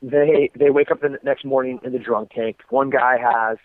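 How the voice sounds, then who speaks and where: A man's voice: mid-range voice, moderate pace, slight background noise. American man on a tinny phone line. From United States. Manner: relaxed storytelling with many ums and restarts. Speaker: guest fighter. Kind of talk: phone interview.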